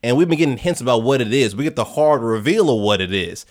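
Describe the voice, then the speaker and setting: A young man hosting a casual chat, recapping a story in an animated way and acting out characters' lines with laughter and swearing. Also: medium pitch, fast talker. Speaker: podcast host reviewing comics.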